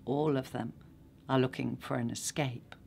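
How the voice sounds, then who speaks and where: An actress reading a literary short story aloud in a measured, unhurried way. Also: female voice, rumbling low, steady tone, creaky, a little mellow, a little hiss or hum.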